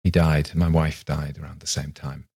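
A man voicing a lonely, grieving middle-aged man in a ghost story, speaking quietly and wearily. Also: rumbling low, little pitch movement, moderate pace, husky, exaggerated voice. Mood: subdued. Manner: quiet, subdued, weary.

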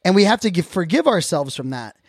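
A man with a notably high voice delivers a casual podcast monologue. He speaks earnestly and reflectively, often restarting his sentences as he thinks aloud. The sound is dry and close, with no room echo. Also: sing-song, fairly quick, husky. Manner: earnest, openly reflective, talks in loose restarts. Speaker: podcast host.

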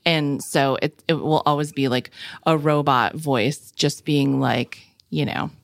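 A woman's voice: sits low, steady tone, a little slow, creaky, studio quality. A woman co-hosting a podcast from a friend's house, easygoing in conversation, often echoing her partner's phrases and laughing easily. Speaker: podcast co-host. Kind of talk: casual chat.

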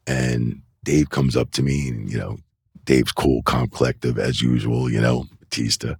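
This middle-aged man is a wrestling referee sharing loose stories in a casual interview on an indoor set, full of "you know" and "like," and he acts out the voices he quotes. His pitch is extremely low, gravelly and a bit rough, at normal speed. There's no room sound, just clean studio audio.

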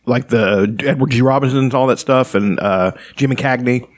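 A man's voice: medium pitch, moderate pace. A man co-hosting a casual podcast chat, talking loosely with restarts. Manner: chatty, prone to restarts and voice impressions. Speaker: podcast co-host.

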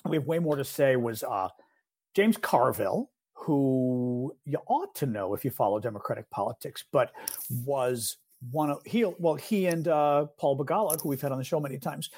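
A man co-hosting a podcast, talking in a rambling, chatty way about politics and quick to agree with his partner. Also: mid-range voice, darkish tone, slightly rough. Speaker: podcast co-host. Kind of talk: casual political chat.

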